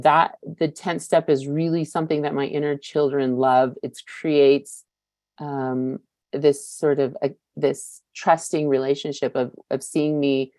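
Low-voiced candid woman in her fifties. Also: warm tone, dry recording. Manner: candid and searching, with frequent fillers and casual swearing. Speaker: recovery meeting speaker. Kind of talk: personal recovery share.

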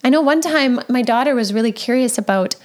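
High-voiced woman giving gentle advice. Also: brisk. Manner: gentle, conversational, with frequent "like" and "right?". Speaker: parent sharing advice. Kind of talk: casual advice talk.

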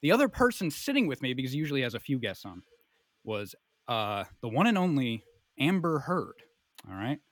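A young man telling a comic story in a rambling, animated way, full of fillers. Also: mid-range voice, fairly quick, no room sound.

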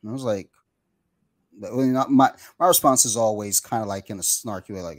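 A man with a fairly low voice tells a story in casual chat, cursing often and slipping into the voices of angry callers. His voice sits close and dry, with no room sound around it. He rambles and restarts, easygoing and unpolished. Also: moderate pace, dry recording. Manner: rambling storyteller, swears, acts out phone callers.

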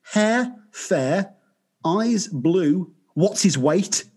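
A man's voice: high voice, expressive, extremely slow, a little mellow, slightly rough. A man hosting a podcast, chatting casually, joking and teasing, with frequent laughter. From Birmingham, England. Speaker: podcast host.

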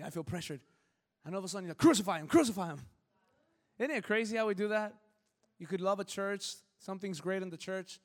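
Man, pastor, joking lively sermon, higher voice, long church reverb. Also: smooth. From Southern California. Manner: animated, joking, acts out quick quoted voices. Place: church sanctuary.

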